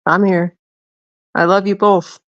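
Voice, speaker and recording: On her livestream, a middle-aged host with a medium-pitched, level voice takes her time telling viewers a rambling, casual story. She curses freely and frequently starts her sentences over. The sound is lo-fi with no room sound.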